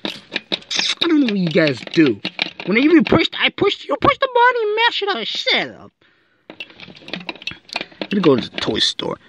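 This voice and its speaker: Woman acting out a toy scene with wild pitch swings. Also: huge pitch swings, moderate pace, pauses often, noisy background. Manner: acts out toy characters with sudden squeaky jumps in pitch. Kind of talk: playing out a toy scene aloud.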